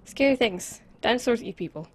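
A woman's voice: on the high side, lively intonation, fairly quick, slight background noise. Jittery woman narrating a horror game. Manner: jittery, repeats words in nervous bursts. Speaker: gameplay commentator. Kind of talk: horror game let's play commentary. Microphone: close desk microphone.

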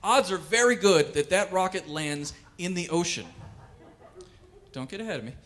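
A man performing wry, animated stand-up comedy on a cultural center stage. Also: high voice, normal speed, heavy background noise. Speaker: comedian and pianist.

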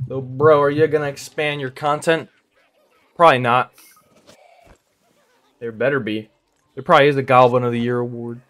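Brief: young male gamer streaming live, loose slangy rambling chat, mid-pitched voice, dry close sound. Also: steady tone, moderate pace, long pauses, fairly bright tone, dry recording. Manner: rambling, slangy, says "bro" constantly, laughs often. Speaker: game streamer. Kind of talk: casual live gameplay chat.

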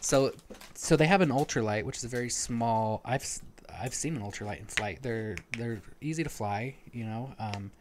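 A man's voice: mid-range voice, normal speed, few pauses, slight background noise. A man co-hosting a podcast, casually retelling a novel's plot at length with frequent restarts and fillers. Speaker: podcast co-host. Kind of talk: casual book discussion.

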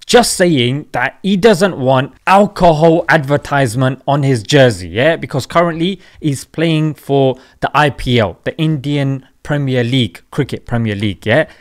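A man's voice: medium pitch, measured pace, hardly any pauses. A young man hosting a satirical commentary vlog. He mocks and jokes, with emphatic asides. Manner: mocking, jokey, with emphatic asides. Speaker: channel host.

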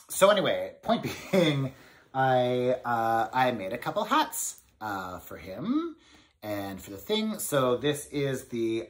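A man hosts a knitting podcast and chats casually to the camera. He sounds excitable and rambles, with plenty of fillers and restarts, at an ordinary mid pitch.

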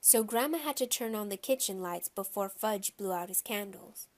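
A woman reads a children's chapter book aloud in a lively, expressive manner. Her pitch sits in the middle range. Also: normal speed. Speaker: audiobook narrator. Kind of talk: scripted children's audiobook narration.

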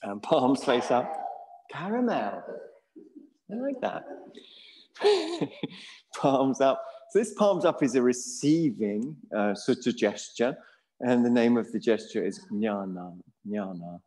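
A man teaching a yoga class in a Buddhist centre studio, relaxed and joking about himself as he guides the students. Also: medium pitch, measured pace, rough recording. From England. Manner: relaxed and jokey, self-mocking asides.

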